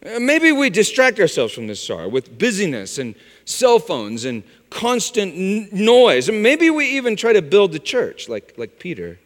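A man preaching a sermon, swinging from loud exclamations to hushed, low phrases. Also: wildly swooping pitch, normal speed, hardly any pauses. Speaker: pastor. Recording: long hall reverb.

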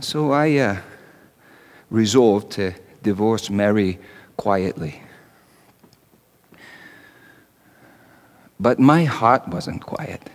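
A man's voice: lowish voice, animated, slow pace. A man playing wry, anguished carpenter Joseph. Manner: conversational, wry asides, stammered repeats. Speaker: actor in a one-man monologue. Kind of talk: dramatic stage monologue. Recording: long hall reverb.

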